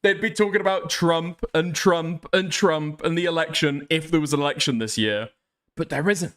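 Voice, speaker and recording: A man's voice: a little high, normal speed, fairly bright tone. A man streaming, ranting in heated casual chat, exasperated and swearing often. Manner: exasperated, swears a lot, rants. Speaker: streamer reacting to news.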